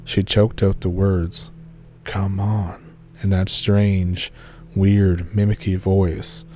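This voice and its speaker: A man reading a scary first-person story aloud in a steady, low-key scripted narration. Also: slow, faint music behind.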